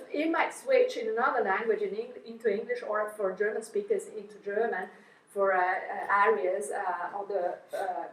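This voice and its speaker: A middle-aged Italian woman with a high voice tells stories lively as she lectures, with many fillers. She is heard from a distance, in a hall that echoes around her words. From Italy. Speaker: guest lecturer. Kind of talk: anecdotal seminar lecture.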